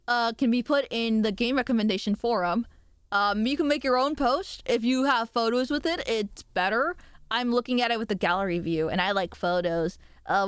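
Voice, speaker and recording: A woman's voice: on the high side, clear, resonant tone, no echo, clean studio sound. A woman streamer chatting casually with her chat, rambling and giggling as she talks. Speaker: VTuber streamer.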